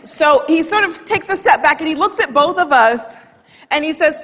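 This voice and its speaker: A woman giving a humorous storytelling talk on stage, lively and laughing at her own anecdote, into a headset or lapel mic. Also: high-pitched, moderate pace. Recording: long hall reverb from a stage talk.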